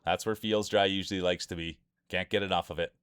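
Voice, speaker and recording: A man with a low, smooth voice calls marble races like a sports announcer, hyping each racer and chatting with viewers. His voice is clean and dry, sitting close on a desk mic. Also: fairly even intonation, quick pace, a bit bright, no echo. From Canada. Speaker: streamer doing marble race commentary. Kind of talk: playful sports-style race commentary.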